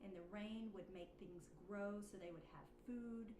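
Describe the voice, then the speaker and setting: A woman teaching children a Bible lesson, guiding with gentle leading questions. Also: mid-range voice, moderate pace. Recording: echoey room with background hiss.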